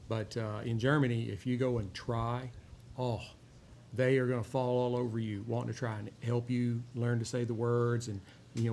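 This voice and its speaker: A gravelly-voiced man chats casually while he reviews a cigar. He drawls and rambles, filling pauses with "uh." Faint noise hums under his voice. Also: mid-range voice. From Texas. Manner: rambling, relaxed, many "uh" fillers. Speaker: host of a cigar and whiskey review show.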